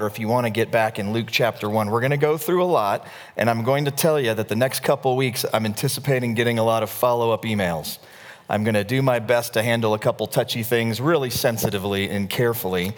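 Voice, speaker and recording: A man preaching a sermon as pastor, talking in a relaxed, conversational way and acting out little scenes as he tells them. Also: medium pitch. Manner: conversational, animated storytelling with acted asides. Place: church sanctuary. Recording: long reverb of a church hall.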